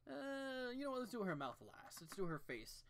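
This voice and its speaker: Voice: medium pitch, big pitch swings, normal speed, a little hiss or hum. Rambling, profane art streamer. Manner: rambling, profane, ranting with restarts. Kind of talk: casual rambling commentary while drawing.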